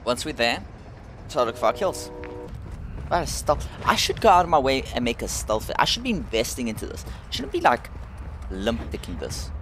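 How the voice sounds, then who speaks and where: A man doing casual gameplay commentary who gets excitable, swears and yells when frustrated. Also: medium pitch, moderate pace, background noise. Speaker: gamer. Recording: game music playing behind. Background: music.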